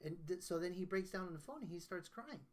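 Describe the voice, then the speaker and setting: A man's voice: high voice, animated, fast talker, darkish tone, a little hiss or hum. A man, a guest songwriter, telling a personal story in casual conversation, earnest and emotional, often restarting his sentences.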